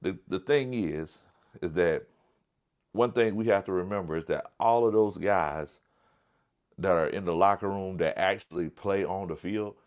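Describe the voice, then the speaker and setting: A man's voice: sits low, normal speed, clear, resonant tone. A man hosting a casual livestream sports talk show, blunt and emphatic, often repeating his point.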